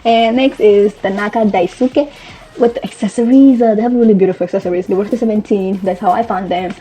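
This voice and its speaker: A woman's voice: mid-range voice, fairly even intonation, fairly quick, warm tone. A young woman chatting casually as a fashion vlogger, rambling and correcting herself as she goes. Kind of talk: casual chat. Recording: faint background music.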